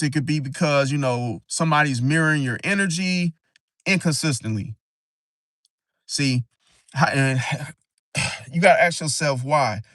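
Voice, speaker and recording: Casting: man, slightly high voice, AAVE speech, rambling talk-show host with frequent restarts, dry mic. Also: fairly bright tone, no room sound. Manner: rambling, halting, frequent "see?" tag. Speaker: astrology channel host. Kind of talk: casual livestream talk.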